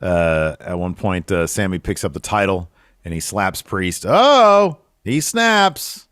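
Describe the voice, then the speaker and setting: A man co-hosting a podcast, recapping wrestling in casual chat and jumping up in pitch when he gets riled. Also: normal speed, dry recording, clean studio sound. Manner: excitable, jumps high when riled. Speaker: podcast co-host.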